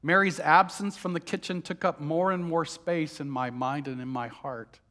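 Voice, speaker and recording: A man telling a story as a first-person dramatic monologue, moving between hushed, heavy lines and heated outbursts. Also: fairly high pitch, fairly even intonation, moderate pace.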